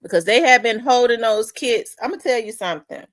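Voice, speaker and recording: A woman talks through a story in a loose, conversational way, circling back and repeating her points. Her voice sits a little high. The recording is dry and close, with no room sound. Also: expressive, brisk, fairly bright tone, no room sound. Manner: conversational, repeats herself, winding asides. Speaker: host. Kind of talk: casual chat, storytelling.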